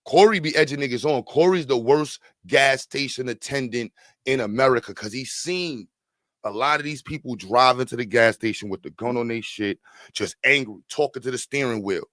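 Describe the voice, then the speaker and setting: A man hosting a comedy talk show, ranting animatedly with sudden loud outbursts. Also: mid-range voice, normal speed, no room sound. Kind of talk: comedic rant.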